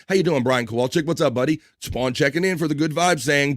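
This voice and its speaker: A man with a fairly high voice hosts a livestream, reading chat comments aloud and teasing them with hyped jokes and quick shout-outs. There's no room sound, just a faint crowd behind him.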